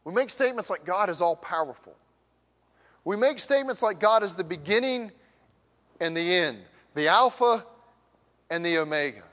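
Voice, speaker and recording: Male pastor, a touch high-voiced, preaching, big swings from loud emphasis to hushed whispers, long church reverb. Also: lively intonation, moderate pace, pauses often. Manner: preaching with rising emphatic questions and dropping to near whispers. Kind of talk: sermon. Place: church sanctuary.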